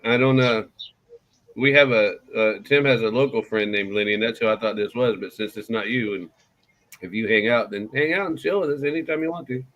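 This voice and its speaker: A man's voice: mid-range voice, a little fast, a bit bright, dull audio. A man hosting a morning talk show, chatting casually with many restarts and easy laughter. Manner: rambling, restarts and fond laughter. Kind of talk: casual radio chat.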